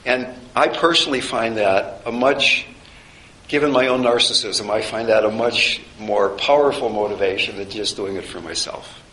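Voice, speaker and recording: A man who teaches a chaplaincy course gives an informal lecture in a reflective, conversational way, with wry humor. His voice is on the low side, pushed and bright, at a moderate pace, and the classroom sounds roomy with faint background noise.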